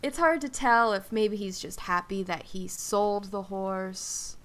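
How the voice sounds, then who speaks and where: A woman game master narrating a tabletop horror game in a slow, deliberate storytelling manner with dramatic pauses. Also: mid-range voice, a bit bright.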